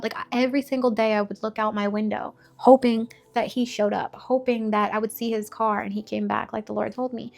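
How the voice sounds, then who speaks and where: A woman's voice: on the high side, gravelly. A young woman telling her faith testimony in a candid, conversational way, blunt and full of filler words.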